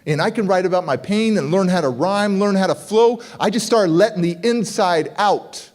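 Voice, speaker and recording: A middle-aged man giving a motivational keynote, his voice sitting a bit high for a man. He tells the story with lots of animation and suddenly leaps up in pitch to act out other people's lines. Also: normal speed. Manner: animated, acts out quoted voices with big pitch jumps. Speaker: motivational speaker. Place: conference hall stage.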